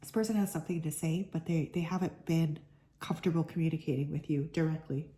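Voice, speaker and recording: A woman with a sick, hoarse voice giving a chatty collective card reading as a tarot reader, full of "like" fillers. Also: low-pitched, fairly even intonation, fast, dark tone. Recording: echoey room.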